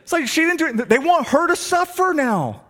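A middle-aged man, preaching a sermon and telling stories, swinging between hushed and emphatic delivery. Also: very high voice, normal speed. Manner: animated storytelling, shifts between hushed and emphatic. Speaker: pastor.

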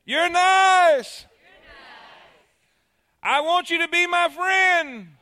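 A man with a high voice, voicing a small naive boy who shouts into a cave during a sermon story. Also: huge pitch swings, very slow, no echo, exaggerated voice. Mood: excited, childlike.

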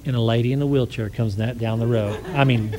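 A man with a mid-range, fairly even voice preaches briskly to a congregation, his tone a little mellow. He tells a personal story conversationally, acting out the quoted voices, and closes in prayer. The low-quality recording carries a little hiss or hum.

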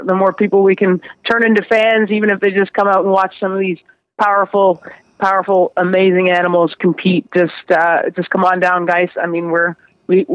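A woman's voice: medium pitch, dry recording, lo-fi sound. A woman jockey, a guest on a radio interview, talking casually with many fillers and restarts.

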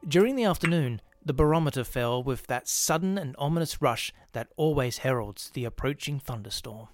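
A man narrating a ghost story in a measured, steady reading. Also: mid-range voice, soft background music.

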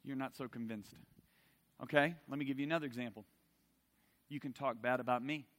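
A middle-aged man preaching a sermon, swinging from loud emphasis to soft intimacy and asking the audience direct questions. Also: medium pitch, fairly even intonation, a little fast, long reverb tail.

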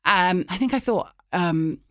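With a lowish voice and a slightly slow pace, the actor and writer tells her anecdote as an interview guest, acting out the voices with animation. Clean studio sound, dry recording.

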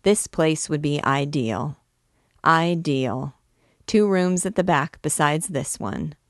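A woman's voice: low-pitched, slow pace, no room sound, studio quality. Woman doing a shifty, wheedling small-town swindler. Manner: confidential, wheedling.

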